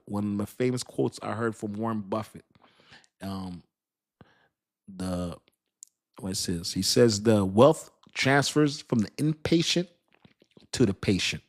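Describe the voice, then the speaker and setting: A middle-aged man hosting a casual crypto talk. He reads chat comments aloud, repeats himself for emphasis and laughs at his own lines. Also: medium pitch. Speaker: crypto channel host.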